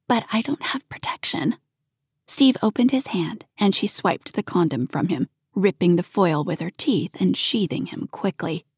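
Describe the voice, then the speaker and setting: Soft-voiced woman reading an erotic story. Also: lowish voice, breathy edge, dry recording, clean studio sound. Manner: soft, intimate, often half-whispered. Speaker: narrator.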